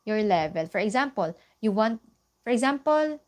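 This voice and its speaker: Her voice is medium-pitched, sing-song and a little mellow as she leads a live Japanese class online with a Filipino accent. Explanations come slowly, example phrases get repeated, and now and then she drifts into Tagalog.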